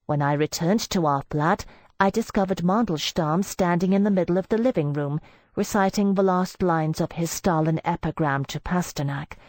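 A woman giving a measured first-person audiobook narration into a close studio mic. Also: lowish voice, darkish tone, no echo.

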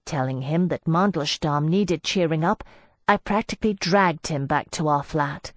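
A woman giving a measured first-person audiobook narration into a close studio mic. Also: low-pitched, no room sound.

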